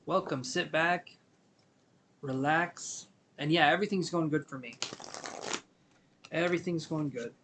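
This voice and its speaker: Sleepy, gentle man reading tarot live. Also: a little high, unhurried, long pauses, slight background noise. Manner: gentle, meandering, filler-heavy. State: sleepy, yawning. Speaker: tarot reader.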